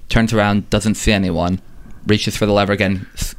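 A man casually telling a dramatic story to a friend, relaxed with dramatic pauses and fillers. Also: fairly low pitch.

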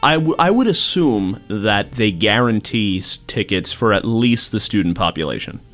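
A young man hosting a college radio show, chatting casually and excitably with his co-host in the studio. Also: on the low side, normal speed, faint music behind. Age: young adult. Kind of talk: casual on-air chat.

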